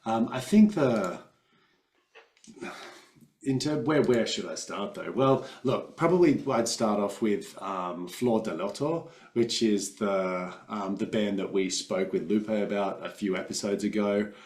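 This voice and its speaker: A man with an Australian accent co-hosting a casual podcast, relaxed and rambling with many fillers. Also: fairly low pitch, a little slow. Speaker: podcast co-host. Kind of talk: casual chat. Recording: roomy room sound.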